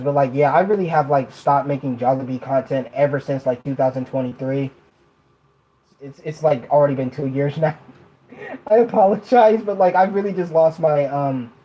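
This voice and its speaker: Lying in bed, a woman hosts a casual livestream, giggling between lines and halting often to restart her sentences. Her voice is deep and warm, and the lo-fi audio carries slight background noise.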